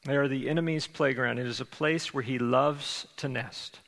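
A middle-aged pastor preaches in a relaxed, conversational way, slipping in self-deprecating jokes. His voice has a gravelly edge, sitting in the middle of the male range. The sound carries a long reverb from a large church hall. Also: medium pitch, moderate pace. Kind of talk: sermon.

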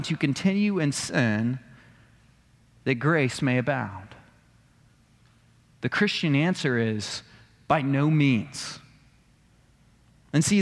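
Male pastor, slightly high, very animated pitch, sermon in a reverberant church. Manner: emphatic, rhetorical questions.

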